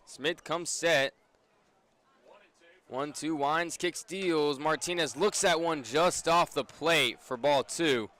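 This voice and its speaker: A young man doing brisk radio play-by-play of a baseball game, his voice rising on big plays. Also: on the high side, sharp tone. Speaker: play-by-play announcer.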